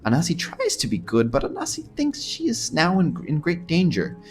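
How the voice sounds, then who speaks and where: A man's voice: a little high, huge pitch swings, slow, a bit bright, soft background music, voice pushed up, exaggerated voice. A man voicing a coy, scheming female cat-folk thief who speaks of herself in the third person, coaxing and purring as he reads game dialogue aloud. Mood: wheedling.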